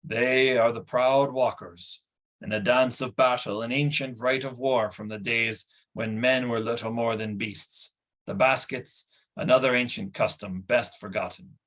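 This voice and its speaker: A man voicing Gwydion, a stern and noble war leader who speaks in a measured, formal way, in an audiobook. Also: mid-range voice, steady tone, a bit bright, close to an everyday voice. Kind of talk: audiobook character voice.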